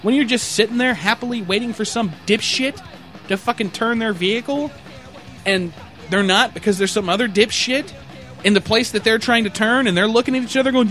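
A man telling a rambling, profanity-heavy road rage story with animated asides, sounding a bit tired. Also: sits high, brisk, soft background music. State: tired, yawning.

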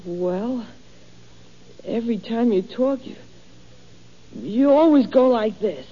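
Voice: mid-range voice, animated, slow pace, warm tone. A cheeky young schoolboy. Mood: teasing. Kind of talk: 1940s radio acting. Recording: dull old radio recording, faint music.

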